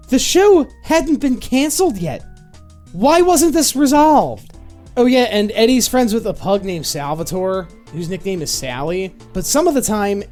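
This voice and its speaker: An exasperated reviewer with a lively, swinging delivery, tearing into an old TV series. The narration is sarcastic and full of swearing. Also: mid-range voice. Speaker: video reviewer. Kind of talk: profane comedic review commentary.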